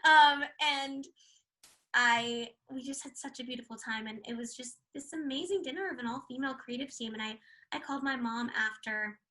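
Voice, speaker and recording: A young American woman chatting in an interview, her voice bright and forward, a little higher than most women's. She tells stories in a bubbly, rambling rush, stringing thoughts together with casual fillers. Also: rough recording. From United States. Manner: bubbly, fast-rambling storyteller with frequent laughs and filler likes. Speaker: actress, interview guest.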